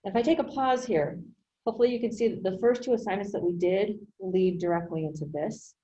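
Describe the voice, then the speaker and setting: A woman instructor lecturing her writing class over a video call, her voice mellow and warm. She talks in a loose, conversational way and keeps checking that her students follow along. A faint hiss sits under the sound. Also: mid-range voice, fairly quick, highs cut off. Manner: conversational, checks in with frequent "okay?".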